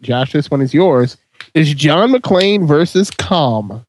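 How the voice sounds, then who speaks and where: A man's voice: fairly high pitch, expressive, takes it slowly, slight background noise. A man hosting a comedy podcast, calling on each panelist in turn and announcing the matchups. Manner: moderating, calls on each panelist. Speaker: podcast host. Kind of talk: casual comedic banter.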